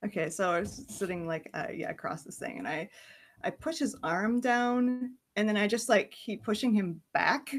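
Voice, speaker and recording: A woman's voice: mid-range voice, normal speed. A woman playing a tabletop role-playing game, talking hesitantly and laughing between words. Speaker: player.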